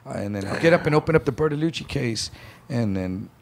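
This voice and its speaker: A man's voice: mid-range voice, lively intonation, fairly quick, a little mellow. A man telling a story on a casual podcast, acting out the voices of the people in it. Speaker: podcast guest.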